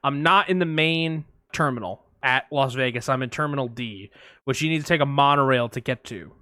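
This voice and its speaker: A man co-hosting a podcast, telling anecdotes in a casual, animated way and acting out voices and sounds. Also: mid-range voice, fairly quick, no echo, studio quality. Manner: animated storyteller, acts out voices and sirens. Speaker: podcast co-host. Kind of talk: casual storytelling chat.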